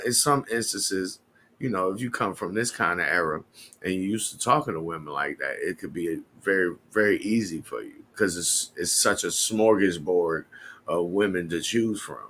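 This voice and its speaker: A man's voice: low-pitched, normal speed, sharp tone, slight background noise. A man hosting a casual podcast chat, reflecting in laid-back slang. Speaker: podcast host.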